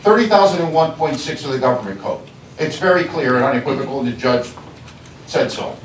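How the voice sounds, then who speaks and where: A man serving as county sheriff, addressing a board meeting in its chambers, speaking deliberately and accusingly and repeating phrases for emphasis. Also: mid-range voice, lively intonation, slight background noise. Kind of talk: public address at a government meeting. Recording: echoey chamber, voice from far off.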